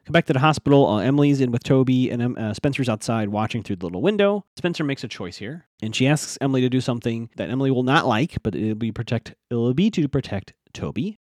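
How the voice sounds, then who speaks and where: A man casually recapping a TV episode as a podcast host, acting out the characters' lines in quick voices. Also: mid-range voice, darkish tone, no echo, clean studio sound.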